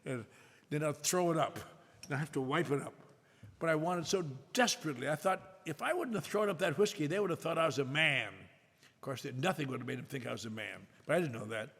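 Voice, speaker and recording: An older man telling a self-mocking story to an audience at a recovery meeting, with a wry, drawn-out delivery. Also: on the high side, lively intonation, a bit bright, husky. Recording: echoey hall with faint noise.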